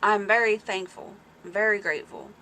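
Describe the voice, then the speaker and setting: A woman chats on a farm livestream in a bright, clear voice at a middling pitch. She is excitable and talkative and reads comments from her viewers aloud as she goes. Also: moderate pace, slight background noise. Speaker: small-farm livestream host. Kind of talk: casual livestream chat with viewers.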